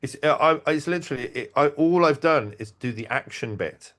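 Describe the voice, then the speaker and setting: A man telling stories in casual talk, animated, acting out quotes and restarting his sentences. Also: on the high side, moderate pace. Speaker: event organizer and podcast guest. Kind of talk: casual conversational storytelling.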